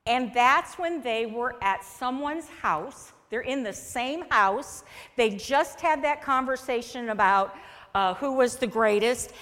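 Slow, animated woman preaching in an echoing hall. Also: on the high side. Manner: conversational preaching with acted-out quotes. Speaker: pastor. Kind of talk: sermon. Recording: long echo of a large hall.

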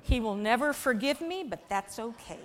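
A woman preaching a conversational sermon with an object lesson, coaxing and warm in asides, rising to lively emphasis. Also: fairly high pitch, moderate pace, slight background noise. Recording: long hall reverb.

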